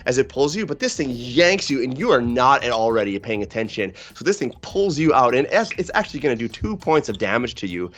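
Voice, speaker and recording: A man's voice: mid-range voice, very animated, brisk, few pauses, fairly bright tone. A man narrating as game master of a tabletop game, casual, with frequent fillers and laughs.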